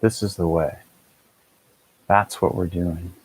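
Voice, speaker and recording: A man calmly guiding a meditation session as a teacher, speaking in a measured, unhurried way. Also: deep voice, husky, poor audio. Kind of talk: guided meditation instruction.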